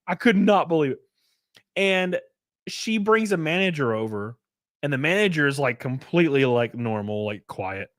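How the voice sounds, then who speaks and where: A man's voice: medium pitch, sing-song, normal speed, fairly bright tone, no room sound, studio quality. Profane, laid-back male streamer. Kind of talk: casual livestream chat.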